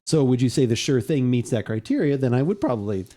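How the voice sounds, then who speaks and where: A man's voice: medium pitch, fast. A man co-hosting a live podcast, chatting casually and telling rambling stories full of fillers and restarts. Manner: rambling, many fillers and restarts, animated storytelling. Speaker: podcast co-host. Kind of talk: casual chat.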